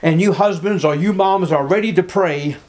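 A middle-aged man preaching a sermon as pastor, with impassioned delivery, dramatic pauses and scripture read aloud. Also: high voice, darkish tone.

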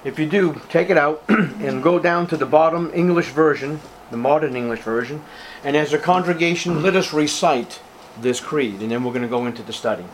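A man preaching a sermon as a pastor to his congregation, fervent and emphatic, with sudden loud, high rises on key words. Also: fairly quick, a little hiss or hum.

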